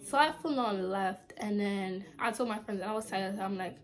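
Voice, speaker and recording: A young woman vlogger casually telling a story to her camera, chatty and animated, full of "like". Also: normal speed. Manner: chatty and animated, heavy use of "like", jumps high when quoting people. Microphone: camera mic at home, filming herself.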